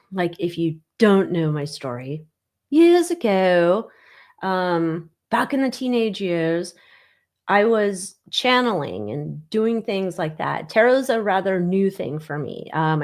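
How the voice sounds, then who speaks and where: A woman in her forties chats casually on a livestream, rambling from one thought to the next and often trailing off with "I don't know." Her speaking voice sits at a middle pitch. Her tone runs sarcastic, and she swears freely. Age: 40s. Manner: trails off with frequent 'I don't know'. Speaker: livestream host and tarot reader.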